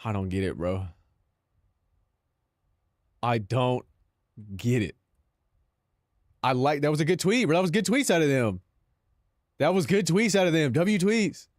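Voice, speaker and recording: A man's voice: on the high side, big pitch swings, measured pace, long pauses, no room sound, studio quality. A man live streaming in casual chat, talking in slang, calling his viewers "bro" and laughing between lines.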